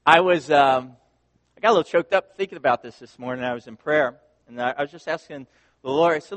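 A man's voice: fairly high pitch, brisk, fairly bright tone. A man in his thirties, a pastor giving a conversational sermon and telling a story with laughter and asides. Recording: long hall reverb.

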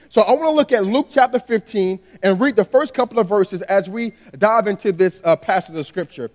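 A man preaching a sermon in a relaxed, conversational storytelling way, often saying "you know". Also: high-pitched, fairly quick, few pauses. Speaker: pastor. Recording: long hall reverb.

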